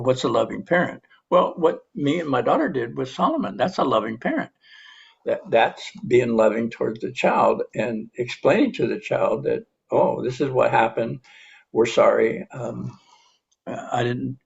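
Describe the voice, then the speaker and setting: Gravelly husky man, earnest podcast talk. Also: medium pitch, animated, normal speed, muffled recording. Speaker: recovery meeting facilitator.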